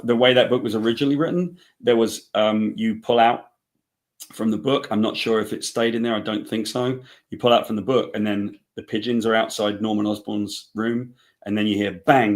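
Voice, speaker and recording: Low-voiced man telling stories. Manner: rambling, restarts often, acts out quoted dialogue. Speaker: comic book writer guest. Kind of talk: casual interview talk.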